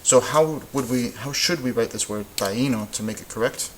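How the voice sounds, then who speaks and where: A man teaching Spanish in a relaxed, patient way, thinking aloud as he works through examples. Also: mid-range voice, moderate pace, slight background noise, poor audio. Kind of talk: informal classroom explanation.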